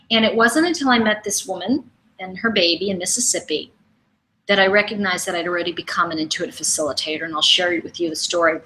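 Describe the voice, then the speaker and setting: A middle-aged woman coaching in a webinar, telling personal stories and asking her listeners questions in a lively, conversational way. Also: medium pitch, low-quality recording. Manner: animated, conversational, asks the audience questions. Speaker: intuition coach. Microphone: webinar microphone.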